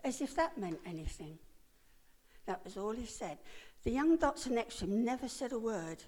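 A woman's voice: fairly high pitch, very animated, normal speed, mellow. An older woman telling her own story as a personal testimony, in an earnest, emotional way. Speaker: speaker giving a personal testimony.

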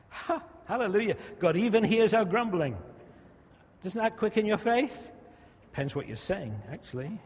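A man's voice: fairly high pitch, expressive, fairly quick, husky. A man preaching a sermon, talking conversationally with humorous asides to the congregation. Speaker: pastor. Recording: dull lo-fi sound in a reverberant hall.

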